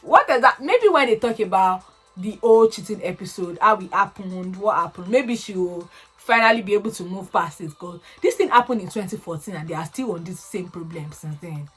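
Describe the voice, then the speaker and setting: A young woman chatting casually, recapping a reality show with animated, expressive swings into high excited tones. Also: a little fast, slightly rough, faint music behind.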